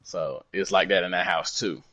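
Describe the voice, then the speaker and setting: A man co-hosting a podcast, telling a story in a casual, swearing, animated way. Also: low voice, normal speed. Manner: animated, swears freely, acts out quoted dialogue. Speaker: podcast co-host.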